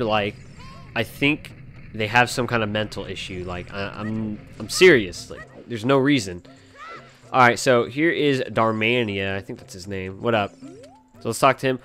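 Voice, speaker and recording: Rambling, profane game commentator. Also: male voice, lowish voice, normal speed, fairly bright tone. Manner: rambling, profane, joking, many fillers. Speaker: gaming channel host. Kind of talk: casual let's play commentary. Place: at home.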